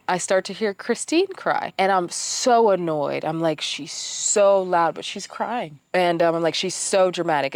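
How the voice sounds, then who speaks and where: Woman vlogger, low voice, dry close sound, candid and self-mocking storytelling. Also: no echo. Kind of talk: personal storytelling.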